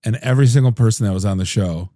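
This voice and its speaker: A man's voice: fairly low pitch, very fast, dark tone, no room sound, clean studio sound. A man hosting a podcast in casual chat, telling rambling, jokey stories full of restarts. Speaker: podcast host.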